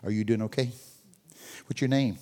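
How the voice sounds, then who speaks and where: The voice is an older man's: mid-range, steady and warm, at a moderate pace. As a guest speaker delivering a sermon, he tells stories and chats with audience members.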